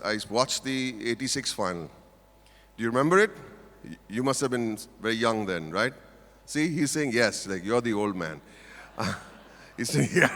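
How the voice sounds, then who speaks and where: A man's voice: mid-range voice, pushed and bright. An older man with an Indian English accent gives a humorous stage speech at a corporate event, playfully teasing the audience. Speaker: motivational speaker at a corporate event. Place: large auditorium stage. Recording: reverberant auditorium.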